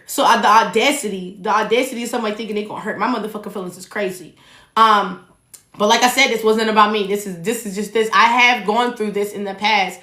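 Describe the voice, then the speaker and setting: Blunt, animated young woman podcaster. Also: medium pitch, quick pace. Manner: blunt, animated, swears freely, talks to listeners directly. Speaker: podcast host. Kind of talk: casual solo podcast monologue. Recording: echoey room.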